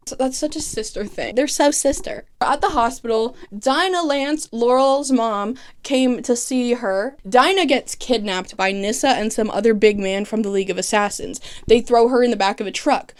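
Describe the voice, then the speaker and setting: A woman's voice: on the high side, normal speed, hardly any pauses. A young woman casually recapping a TV season with chatty, sarcastic commentary, peppered with "like" and "okay". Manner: chatty, sarcastic, lots of 'like' and 'okay'. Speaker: recap host. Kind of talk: casual comedic recap narration.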